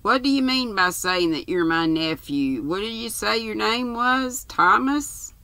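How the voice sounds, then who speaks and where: Bossy, scolding old aunt for a storybook reading, voiced by an older woman; gravelly edge, unhurried. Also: mid-range voice, animated, sharp tone, no echo, voice pushed up. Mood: imperious. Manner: haughty and scolding. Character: cantankerous bedridden old aunt, sharp-tongued, imperious.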